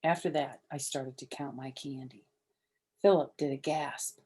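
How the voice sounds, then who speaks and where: A woman's voice: very deep voice, steady tone, measured pace, darkish tone, slightly rough. An older woman reading a children's chapter book aloud, with chatty asides to her listeners. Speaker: storyteller.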